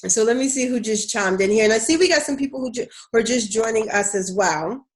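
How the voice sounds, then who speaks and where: A career coach with a Baltimore accent speaks fast and expressively in a fairly high-pitched voice. On a live stream, she talks candidly and casually to viewers, chatty and calling them y'all.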